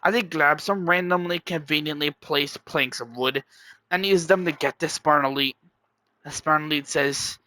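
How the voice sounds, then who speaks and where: A man's voice: a little high, normal speed, sharp tone, no room sound. A young man narrating an amateur story in a rambling way, often restarting and chaining clauses.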